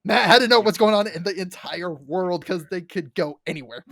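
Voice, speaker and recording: Animated young woman retelling a story. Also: on the low side, moderate pace, no room sound. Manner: animated storyteller, acts out quotes with many likes and restarts. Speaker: podcast co-host. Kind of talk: casual fan chat.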